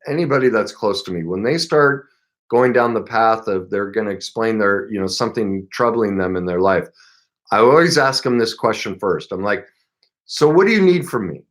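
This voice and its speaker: A man's voice: lowish voice, a bit bright. A middle-aged man giving relationship advice as a coach, talking earnestly and with emphasis, sometimes acting out short example exchanges. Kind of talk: advice talk to camera.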